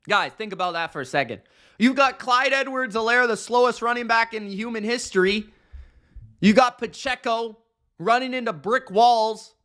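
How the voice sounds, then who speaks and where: A man's voice: very high voice, bright, forceful tone. Exasperated man ranting about football. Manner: exasperated, sarcastic, slangy. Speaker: podcast host. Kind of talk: ranting sports commentary.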